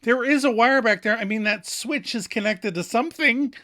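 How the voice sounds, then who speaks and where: A man's voice: extremely high pitch, moderate pace, bright, forceful tone, voice pushed up. A man voicing a fussy, obsessive young woman who talks in a defensive, sheepish way.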